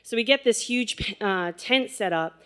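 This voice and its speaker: A woman's voice: medium pitch, measured pace, fairly bright tone, smooth. A woman in her twenties telling a personal story live on stage, chatty and laughing, with lots of fillers. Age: 20s.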